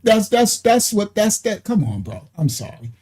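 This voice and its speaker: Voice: medium pitch, big pitch swings, normal speed, darkish tone, breathy edge. A commentator doing a livestream reaction to a video, mocking and laughing often, trailing off and restarting.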